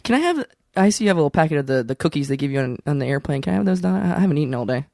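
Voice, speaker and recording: High, playful male comedy co-host. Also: very animated, gravelly, a little mellow, dry recording, studio quality. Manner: playful, quick interjections. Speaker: podcast co-host. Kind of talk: improvised comedy podcast banter.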